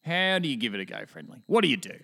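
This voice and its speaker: A man's voice: mid-range voice, very animated, fast, creaky, sharp tone. An Australian man co-hosting a casual chat, jokey and storytelling. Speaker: podcast co-host.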